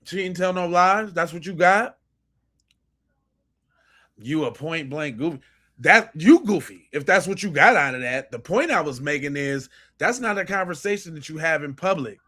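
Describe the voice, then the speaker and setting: A man's voice: a little high, moderate pace. A man hosting a podcast, reacting to clips with emphatic, profane commentary. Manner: animated, emphatic, swears freely. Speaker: podcast host.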